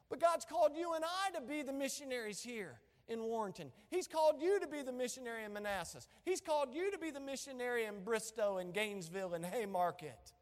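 A male pastor with a drawl, preaching an impassioned sermon that swings between loud emphasis and hushed asides. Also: extremely high pitch, expressive, a little fast, big-room sound.

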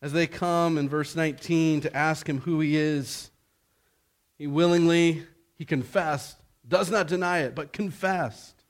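A man delivering a sermon in a slightly high voice. He speaks slowly and deliberately, pausing between phrases, and his voice climbs and grows louder when he drives a point home. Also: fairly even intonation. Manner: slow, deliberate preaching that swells in pitch and force on key points. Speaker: preacher.

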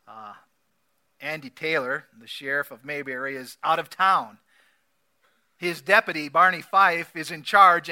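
A man preaching a sermon, repeating key phrases emphatically and swinging between loud declarations and soft asides. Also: a little high. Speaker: pastor.

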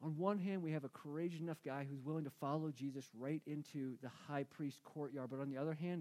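A man's voice: on the high side, darkish tone. A male pastor giving a conversational sermon, emphatic and repeating key phrases for weight.

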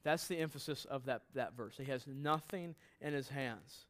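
In a relaxed, conversational style, a middle-aged male pastor teaches from a Bible passage, adding joking asides and questions to his congregation. He speaks with a medium pitch at a moderate pace.

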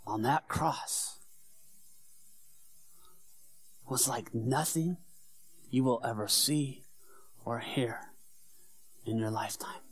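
A man performing a first-person church monologue as the apostle Peter, an earnest middle-aged fisherman, telling the story in a hushed, sorrowful tone that swells into fervent preaching. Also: medium pitch, no room sound. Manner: storytelling, swinging from hushed whispers to fervent shouts.

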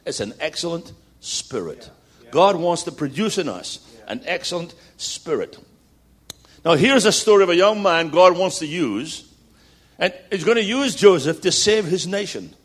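Rousing higher-voiced guest preacher man. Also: animated, a little slow, breathy edge. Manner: rousing, builds to loud repeated declarations; jokey storytelling asides. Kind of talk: sermon.

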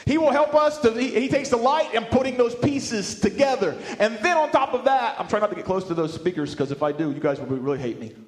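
A male pastor preaching a sermon, animated, often restarting words and asking his congregation questions. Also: very high-pitched, fairly quick, few pauses, roomy sound. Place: church sanctuary with speakers.

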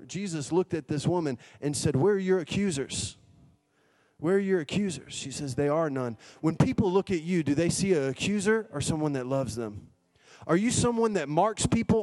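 A man preaching to his church in a fairly high voice. He urges and exhorts, building up to emphatic peaks. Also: a little mellow. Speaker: pastor. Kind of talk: sermon.

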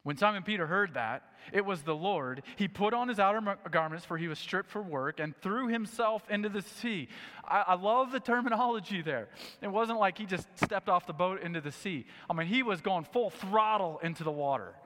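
A man preaching a sermon, reading scripture and acting out the story with lively asides. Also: sits high, normal speed, long reverb tail. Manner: animated storytelling, acting out scenes. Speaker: pastor.

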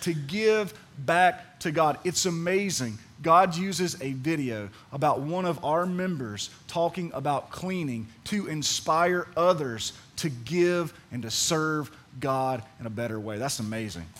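A pastor preaching a sermon, repeating key phrases for emphasis and swinging between soft and loud delivery. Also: male voice, on the high side, expressive, measured pace, hardly any pauses.

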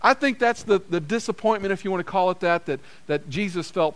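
A man with a notably high voice delivers a sermon from a church. He preaches in an everyday conversational manner, circling back on phrases to drive the point home. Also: fairly quick, hardly any pauses. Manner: conversational, repeats phrases for emphasis. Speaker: pastor.

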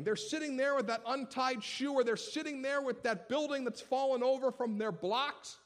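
A male pastor delivering a sermon in an animated, humorous, conversational way. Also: very high-pitched, moderate pace, few pauses.

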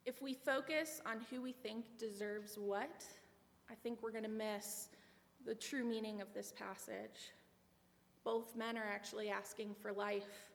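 Lady giving a sermon, kinda high voice, earnest, big echoey hall. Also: fairly even intonation, a little slow, vocal fry. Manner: reflective, earnest storytelling. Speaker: preacher. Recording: long hall reverb.

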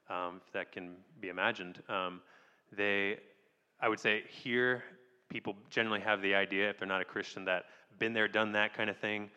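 A man speaking as a missionary guest, measured and hesitant with many pauses. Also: low-pitched, sharp tone, clear, resonant tone. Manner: measured, many ums, restarts. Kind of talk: church interview answer. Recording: long hall reverb.

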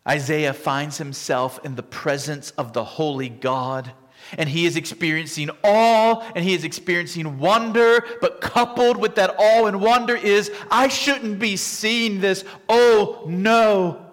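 A man preaching a sermon, dramatic and vivid, acting out the scripture quotes with big shifts between loud and quiet. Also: fairly high pitch, unhurried. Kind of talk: expository sermon. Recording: long reverb from a large hall.

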